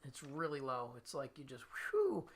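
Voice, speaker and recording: A man's voice: mid-range voice, huge pitch swings, moderate pace, background noise. A man hosting his weekly live guitar stream, chatting casually with viewers, laughing at himself and reading out their comments. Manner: chatty, self-deprecating, laughs often, reads viewer comments aloud. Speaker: livestream host and guitarist.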